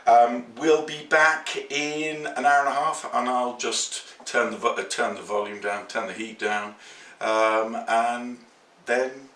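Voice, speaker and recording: A man's voice: medium pitch, pushed and bright, slight background noise. A man hosting a casual cooking demonstration, chatty and self-mocking with playful asides, heard in a kitchen. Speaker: home cooking host. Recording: roomy kitchen echo, distant mic.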